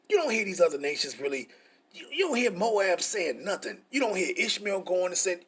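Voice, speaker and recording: A man's voice: sits high, fairly bright tone, husky. A middle-aged man, teaching scripture in a frustrated, profane, repetitive way. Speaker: preacher.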